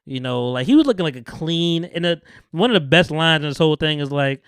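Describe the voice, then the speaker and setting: A man's voice: on the high side, animated, brisk, smooth, dry recording, clean studio sound. A man hosting a podcast, animatedly retelling a TV episode, swearing freely and laughing often. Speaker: podcast host. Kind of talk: casual chat, retelling a TV episode.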